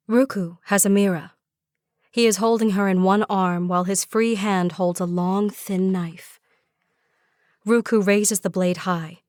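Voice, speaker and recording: Woman narrator for a dramatic fantasy audiobook, mid pitch, dry close-mic sound. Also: darkish tone, no room sound. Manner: dramatic, with rising cries in dialogue.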